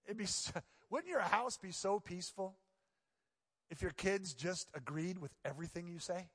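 A man, a pastor, giving a conversational, joking sermon that drops into quiet, earnest prayer tones. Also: high-pitched, normal speed, husky, big-room sound.

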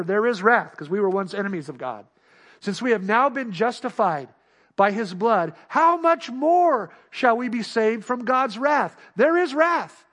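A man preaching a sermon, switching between loud emphatic cries and hushed, near-whispered passages, and acting out God's voice and the listener's doubts. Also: high voice. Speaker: pastor.

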